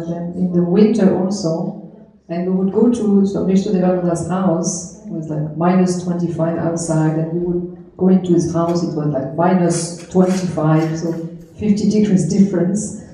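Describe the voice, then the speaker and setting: A middle-aged woman swami shares memories of her teacher at an anniversary gathering. She tells her stories gently and laughs softly and often. Her voice is mellow and somewhat low, and it rings out through a heavily echoing room. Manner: gentle storytelling with frequent soft laughter. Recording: very echoey room.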